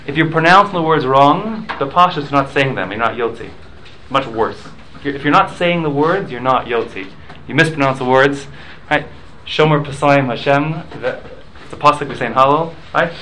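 A man's voice: medium pitch, a little fast, hardly any pauses, pushed and bright, a little hiss or hum, rough recording. A man teaching a Talmud class, explaining rules with examples and often repeating and restarting his words.

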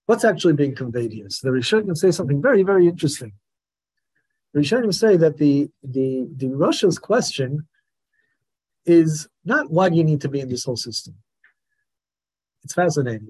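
A man teaching a Torah class in a lively lecturing manner, acting out the voices of the people he describes. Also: fairly high pitch, breathy edge. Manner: animated, acts out the questioner's voice.

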